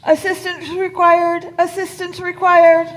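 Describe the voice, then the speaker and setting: A woman voicing a flat, barking Dalek. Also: very high-pitched, a little slow, rough recording. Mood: urgent. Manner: barked flat orders. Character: cold commanding Dalek war machine. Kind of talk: live fan radio play.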